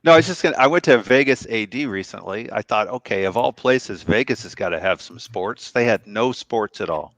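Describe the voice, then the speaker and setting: A man chatting calmly as co-host on a livestream, patiently trying to get a word in. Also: on the low side, a little fast, hardly any pauses, dry recording, poor audio. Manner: calm, tries to get a word in. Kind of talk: casual livestream chat.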